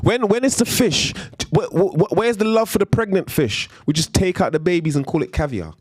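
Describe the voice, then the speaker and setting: A man's voice: high-pitched, animated, fairly quick, husky, no echo. A man ranting on a live stream in a heated, emphatic way, repeating slang tags as he goes.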